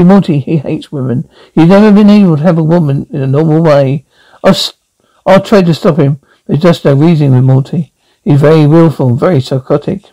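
Man as an old ventriloquist, fearful and pleading, gravelly, mellow tone. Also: a little high, no echo, rough recording. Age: older. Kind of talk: radio drama acting.

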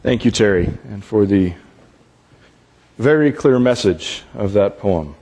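A man's voice: on the low side, lively intonation, unhurried, mellow, slight background noise. A man pastor giving a sermon in a conversational, informal way. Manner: conversational, with fillers and restarts. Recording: long reverb in a church hall.

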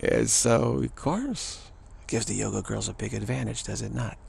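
A man with a deep, very gravelly voice holds forth in a loose, rambling spiritual talk. He circles back over the same phrases, stumbles through restarts, and now and then flips into shrill mocking voices to quote people. A faint hiss sits under the recording. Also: normal speed, a little mellow. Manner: repetitive, stammering restarts. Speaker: spiritual teacher.

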